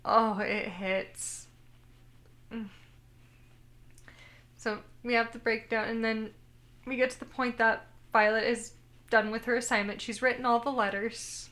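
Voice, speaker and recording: A woman's voice: a little high, flat delivery, normal speed, pauses often, fairly bright tone. A woman co-hosting a casual podcast, retelling anime scenes and quoting the characters in her own voice. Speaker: podcast co-host. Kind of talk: casual chat recapping an anime.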